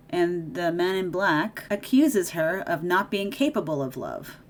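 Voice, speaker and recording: A woman's voice: lowish voice, expressive, measured pace, few pauses. A woman giving a casual movie recap while doing her makeup, chatty and opinionated, with sarcastic asides. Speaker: video creator.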